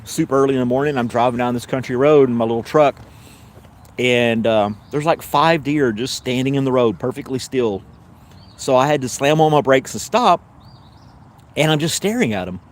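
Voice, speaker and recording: A middle-aged man with a Southern American accent hosts a casual live stream, chatting with viewers and telling long anecdotes full of fillers and restarts. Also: medium pitch. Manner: rambling storyteller with many fillers and self-corrections; laughs easily while telling stories.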